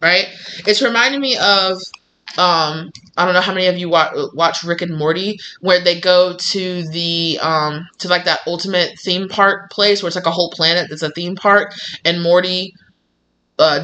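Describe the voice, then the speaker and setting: A woman tarot reader sharing a casual spiritual message, chatty and animated, full of "like" and "you know". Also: fairly low pitch, normal speed, lo-fi sound, a little hiss or hum.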